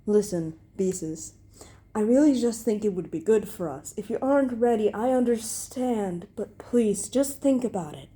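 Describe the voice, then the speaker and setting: A woman voicing a gentle, soft-spoken man who pleads tenderly. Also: medium pitch, animated, normal speed, lightly acted. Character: gentle, hopeful husband figure, man.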